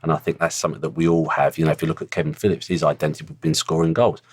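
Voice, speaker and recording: Man, middle-aged, very deep, dry close mic, earthy and blunt. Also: flat delivery, rapid-fire, husky, no echo. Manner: blunt, earthy storytelling with swearing. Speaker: former footballer, guest. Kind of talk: casual interview chat.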